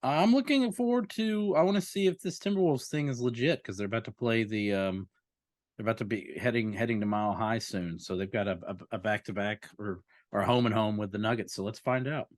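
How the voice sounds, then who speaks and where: A man's voice: lowish voice, brisk, dry recording. A man co-hosting a sports podcast, easygoing and full of fillers as he chats. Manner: laid-back, filler-heavy. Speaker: podcast co-host. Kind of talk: casual chat.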